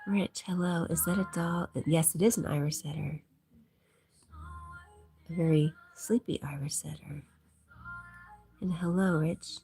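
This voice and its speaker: A middle-aged woman hosting a live stream, reading chat comments aloud in a soft, gentle whisper as whispered role-play. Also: deep voice, steady tone, unhurried, gravelly, long pauses. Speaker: livestream host reading chat. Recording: faint background music.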